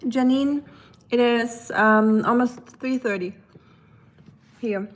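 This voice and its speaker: A German woman livestreaming from home, chatting casually with viewers and reading comments, with lots of ums and a relaxed, unhurried manner. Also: fairly high pitch. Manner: relaxed, many ums, switches between English and German.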